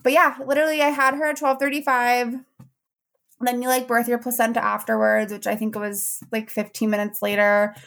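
A young woman, a podcast host, telling a story in casual chat, animated and laughing often as she acts out what people said. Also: fairly high pitch, a little fast, vocal fry. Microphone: podcast mic.

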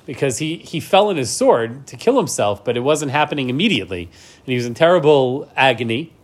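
A man's voice: mid-range voice, sing-song, a little fast. A man teaching a class, reading Hebrew verses and explaining them in English, often checking in with "right?". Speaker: Torah teacher. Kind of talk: class lecture.

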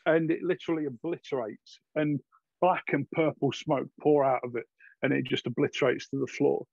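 Male game master, gravelly tone, halting narration, dry lo-fi recording. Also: mid-range voice, fairly even intonation, a little mellow, dry recording. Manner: halting, filler-heavy descriptive narration. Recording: dull lo-fi dry sound.

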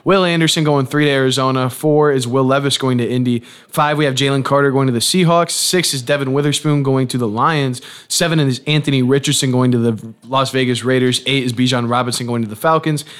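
A man's voice: mid-range voice, a little fast, few pauses, clean tone. Young man hosting a casual sports podcast. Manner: relaxed, rattles through lists in a steady patter. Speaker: podcast host. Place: podcast booth.

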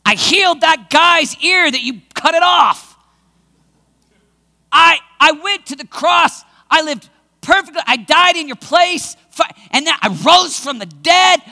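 A man voicing Jesus as a stern, pleading teacher, rebuking and rising to shouts, with long hall reverb. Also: very high-pitched, expressive, measured pace, full character voice. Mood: impassioned.

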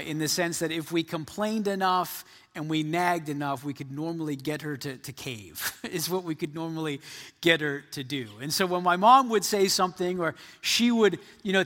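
A man's voice: fairly high pitch, bright, forceful tone, in a large hall. A man preaching a sermon to a congregation in a conversational way, often repeating his words as he goes. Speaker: pastor.

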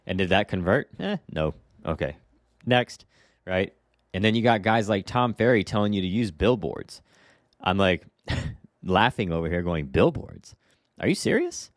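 A man hosting a solo podcast as a real estate agent, talking casually in a blunt, animated way with lots of rhetorical questions. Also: deep voice, a little slow, no echo, studio quality. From Hawaii.

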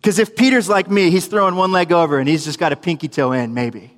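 A young man preaching a sermon in a church, telling the story with animated delivery, acted-out quotes and humorous asides, heard in a reverberant hall. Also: high voice, quick pace. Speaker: preacher, youth minister.

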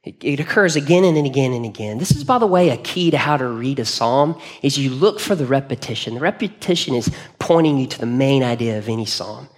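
A man's voice: medium pitch, lively intonation, brisk, few pauses. A man preaching a sermon in a church, speaking earnestly in a conversational way and often restarting his phrases. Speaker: pastor. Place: church hall.

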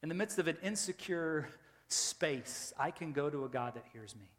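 High, bright-voiced man preaching in a hall. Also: lively intonation, normal speed. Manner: conversational storytelling, swings from loud emphasis to hushed tones. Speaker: pastor. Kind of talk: sermon. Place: church sanctuary. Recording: reverberant church hall.

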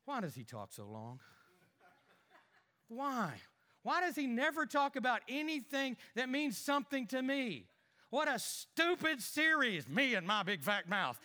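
A man's voice: very high voice, big pitch swings, measured pace, pushed and bright, long reverb tail, full character voice. A man playing a sulky, grumbling churchgoer. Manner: muttering complaints under his breath, fake cheer to others. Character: grumbling married male churchgoer, sulky and petty. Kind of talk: comic skit within a sermon.

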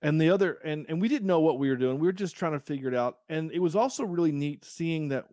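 A man's voice: a little high, animated, quick pace, mellow, no echo. Male podcast host, casual, rambling, self-deprecating; dry close mic.

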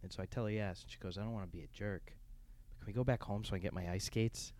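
Relaxed young man with low voice. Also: fast talker. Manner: relaxed, rambling with many fillers. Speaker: podcast co-host. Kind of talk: casual podcast chat.

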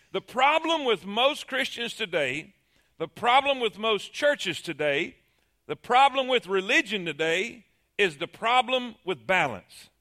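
A man preaching a sermon to his congregation, animated, repeating phrases and restarting often. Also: high voice. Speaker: pastor. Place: church sanctuary.

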